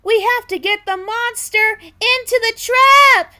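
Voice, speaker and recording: A woman's voice: extremely high pitch, slow, pitched above the performer's own voice, full character voice. A woman voicing an anxious male cartoon bird who guards eggs, calling out urgently. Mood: desperate. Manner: urgent, shouting.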